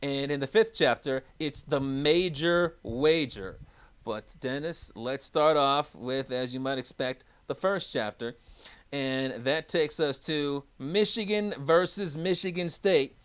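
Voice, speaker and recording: A man's voice: on the high side, slow pace, fairly bright tone, clean tone. A man co-hosting a sports talk podcast, with upbeat, hype announcer energy in casual chat. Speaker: podcast co-host.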